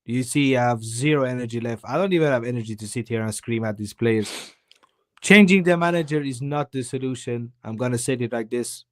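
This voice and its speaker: A man's voice: mid-range voice, brisk, dry recording. A man giving a heated football opinion on a live stream, weary and emphatic, repeating himself for stress. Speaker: guest co-host.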